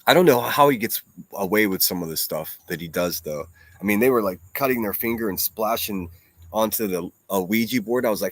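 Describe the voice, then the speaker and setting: A man's voice: fairly low pitch, expressive, fairly quick. A man hosting a casual solo livestream, reading viewer comments aloud and talking bluntly with plenty of profanity. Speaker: livestream host.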